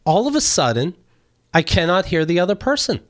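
A man hosting a comedy podcast, talking loudly and jokily in casual banter. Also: sits high, sing-song, fairly quick. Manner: loud, jokey, slips into voices. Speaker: podcast host.

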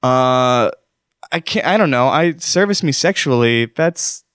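A man's voice: medium pitch, lively intonation, a little slow, fairly bright tone, clean tone, no echo, clean studio sound. A man hosting a comedic call-in show, talking in a rambling, self-deprecating, mock-wounded way.

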